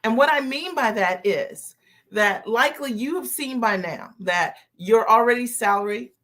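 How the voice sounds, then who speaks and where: A woman business coach hosting a live stream, greeting viewers by name and repeating her key phrases slowly for emphasis. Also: fairly high pitch, a bit bright.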